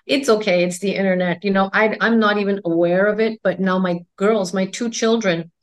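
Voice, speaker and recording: A woman in her forties with a mixed Indian and American accent, answering interview questions in a calm, articulate way. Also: medium pitch, fairly quick. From India and United States. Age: 40s. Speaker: guest, endocrinologist.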